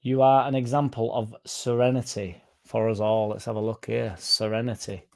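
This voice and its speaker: A man hosting a fan livestream, rambling through deadpan jokes and chatting to the chat. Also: fairly low pitch, moderate pace, vocal fry. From Leeds, England. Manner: rambling deadpan joking, dropped articles. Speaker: fan channel livestream host. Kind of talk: casual livestream chat reading the chat.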